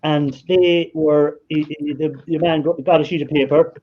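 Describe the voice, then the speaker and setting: A man's voice: fairly high pitch, fairly even intonation, moderate pace, muffled recording, slight background noise. An Irish man hosting a live stream, telling stories in a chatty way and laughing often. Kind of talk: casual storytelling chat.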